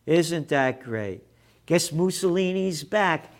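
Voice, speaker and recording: Man, ranting news commentary, sarcastic and profane, somewhat high voice, bursts of shouting. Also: lively intonation, takes it slowly. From Italian heritage.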